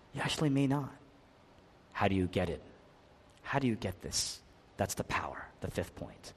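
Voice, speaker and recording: Male preacher, higher-pitched, animated delivery swinging from hush to fervor; reverberant hall sound. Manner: swings between hushed lows and impassioned high-pitched cries. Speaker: pastor. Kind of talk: sermon.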